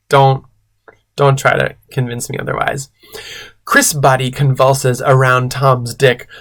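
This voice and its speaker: Sarcastic drag queen reading aloud. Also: medium pitch. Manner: sarcastic, deadpan asides. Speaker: drag queen host reading fan fiction. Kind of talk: comedic read-aloud with commentary.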